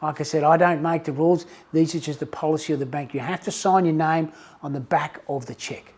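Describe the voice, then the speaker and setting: A man voicing a patient bank teller who speaks calmly and evenly. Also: high voice. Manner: calm, measured, quiet.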